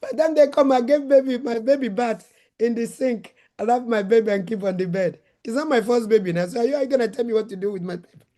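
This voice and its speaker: Nigerian lady, middle-aged, dark mellow voice, tells it animated, raises her voice acting out her own lines. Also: on the high side, fast. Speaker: host, former nurse and midwife. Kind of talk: animated storytelling talk.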